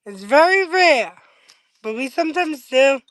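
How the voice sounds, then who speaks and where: A woman's voice: high-pitched, lively intonation, unhurried, no echo. A woman chatting casually on a podcast, blunt and offhand. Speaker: podcast guest. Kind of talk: casual chat.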